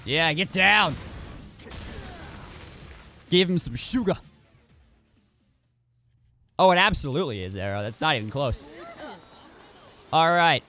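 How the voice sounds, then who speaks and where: A man's voice: fairly high pitch, lively intonation, slow, long pauses, bright, forceful tone, soft background music. A man giving casual commentary while streaming a video game, rambling and often restarting his sentences. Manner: rambling, self-correcting with many restarts.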